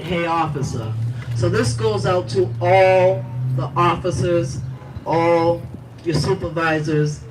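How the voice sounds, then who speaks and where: A middle-aged woman speaking emotionally and forcefully at an outdoor protest, reciting a poem as a bereaved mother. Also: lowish voice. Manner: emotional, forceful, building in intensity. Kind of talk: impassioned rally speech and poem recital. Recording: distant voice, noisy outdoor rally.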